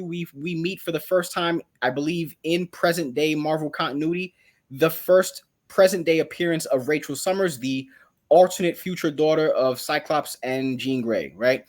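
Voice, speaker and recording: A young man chatting casually about comic books on a podcast, animated and acting out characters' lines as he tells the story. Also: a little high. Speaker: podcast co-host. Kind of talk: casual comic book chat.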